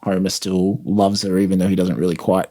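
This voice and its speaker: A man co-hosting a podcast in relaxed conversation, slowly and thoughtfully unpacking what a scene means. His voice sits on the low side for a man, and his delivery stays easygoing and reflective. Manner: thoughtful, explains scenes at length. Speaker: podcast co-host. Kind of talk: casual chat.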